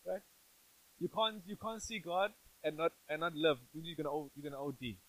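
A man's voice: fairly high pitch, moderate pace, rough recording. A male pastor giving a sermon in a church, conversational and playful, often asking the congregation questions.

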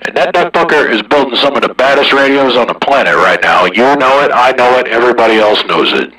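A man talking casually over a CB radio, boastful and folksy, with a slow drawl. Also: medium pitch, animated, sharp tone, breathy edge, recorded from a distance, poor audio. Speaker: CB radio operator hosting the channel.

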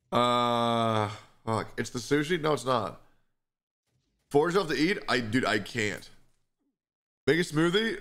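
A man's voice: mid-range voice, animated, takes it slowly, pauses often, fairly bright tone. A young man talking casually on a live stream, reading chat questions aloud and answering them with frequent swearing. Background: music playing.

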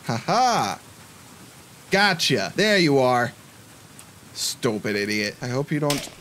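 A man's voice: mid-range voice, sing-song, slow, a bit bright, a little hiss or hum. A young man giving chatty, jumpy commentary to himself while playing a horror game. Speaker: gameplay commentator. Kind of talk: let's play commentary. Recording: faint music behind the voice.

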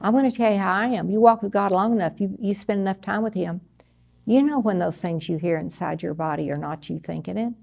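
A woman's voice: mid-range voice, brisk, vocal fry, darkish tone. A woman minister preaching a sermon, dramatic, dropping to a near-whisper when quoting and rising again. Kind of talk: televised sermon.

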